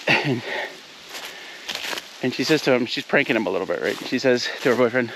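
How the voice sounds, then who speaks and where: A man's voice: medium pitch, animated, brisk, long pauses, background noise. A middle-aged man chatting casually to camera for his off-grid cabin vlog, telling stories and laughing often.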